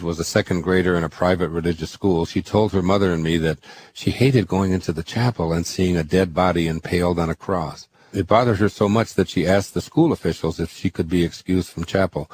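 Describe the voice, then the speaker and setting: A man narrating his own spiritual book as an audiobook, in a measured, earnest way, slowing and softening for scripture verses. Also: low-pitched, a little hiss or hum.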